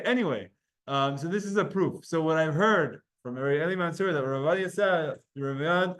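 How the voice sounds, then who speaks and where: Man, Talmud class teacher, fairly high voice, animated, demonstrates sounds aloud, classroom. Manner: animated, explains with spoken demonstrations. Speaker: Torah teacher.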